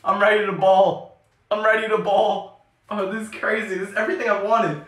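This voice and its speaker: Excitable, swearing streamer woman in an echoey bathroom. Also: mid-range voice, a little fast. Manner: excitable, swears often, yells when scoring. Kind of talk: live game stream commentary. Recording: echoey bathroom, distant from mic, faint game music.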